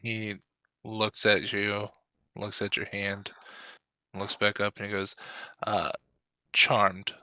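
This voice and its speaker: A man narrating as dungeon master in a tabletop game, relaxed and halting with many fillers. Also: on the low side, smooth, no room sound.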